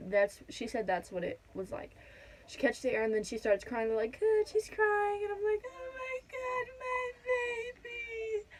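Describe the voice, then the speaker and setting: A teenage girl vlogging a casual storytime at home, chatty and full of "like", acting out quotes in a higher voice. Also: low-quality recording. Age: teens. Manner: chatty, says "like" a lot, acts out quotes in a higher voice.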